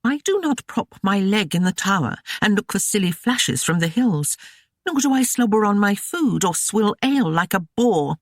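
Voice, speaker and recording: A sharp-tongued noblewoman in a historical romance audiobook, all rasping temper and snarling complaint, as the reader puts her on. The voice climbs well above the reader's own and pushes hard. It is recorded close and dry. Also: medium pitch, expressive, measured pace, no echo, voice pushed up. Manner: snarling, railing, scolding. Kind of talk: audiobook character voice.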